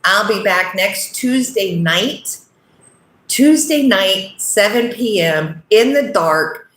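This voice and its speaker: Earnest woman host, slow, echoey room. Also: medium pitch, animated, a bit bright. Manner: earnest, repeats "okay?" often. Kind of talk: casual direct-to-camera talk.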